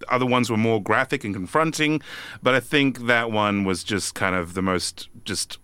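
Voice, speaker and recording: A man with a bright, forceful tone and a smooth, resonant voice, talking through film picks in a halting way full of "uh"s and restarts. His voice comes across dry and close, with no room around it. He sounds like a podcast co-host in casual conversation. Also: fairly low pitch, dry recording. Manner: hesitant, many fillers.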